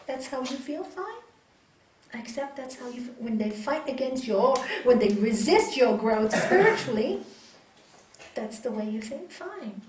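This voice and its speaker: A woman teaching a spiritual yoga course to a small group, talking in a lively way and acting out what other people say. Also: sits high. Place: yoga hall, indoors. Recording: echoey hall, mic far off, faint hiss.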